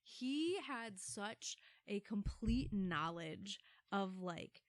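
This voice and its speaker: A woman's voice: medium pitch, expressive, very slow, no room sound. A woman co-hosting a podcast in casual chat, laughing often and slipping into voices for her stories. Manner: chatty, laughs often, plays voices in anecdotes. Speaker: podcast co-host. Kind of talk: casual chat and dramatic poem reading.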